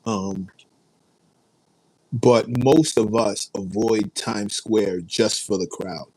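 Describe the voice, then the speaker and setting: A man from New chats easily on a livestream, wandering from thought to thought and answering viewers by name. His voice sits low, and the sound is close and dry. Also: steady tone, takes it slowly, a little mellow, no echo, low-quality recording. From New York. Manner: rambling, laid-back, reads and answers chat. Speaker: livestream host. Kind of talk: casual livestream chat.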